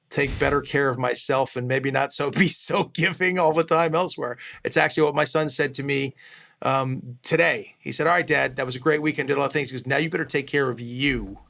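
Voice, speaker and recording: Man in his fifties, podcast guest: gravelly, mid-range voice, speaks candidly, stops and restarts often. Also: medium pitch, fairly even intonation, normal speed, a bit bright. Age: 50s. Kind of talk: candid conversational interview.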